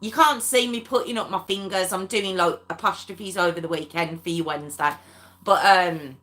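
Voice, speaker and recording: A woman's voice: lowish voice, normal speed, a bit bright. A woman hosting a true crime livestream, chatting casually with viewers, laughing often and addressing them by name. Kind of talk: casual live chat with viewers.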